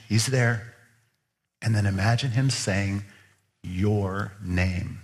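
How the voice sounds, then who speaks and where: A man's voice: fairly low pitch, slow pace, long pauses. A man preaching a sermon as pastor, earnestly pressing his listeners with repeated questions. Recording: long reverb of a large hall.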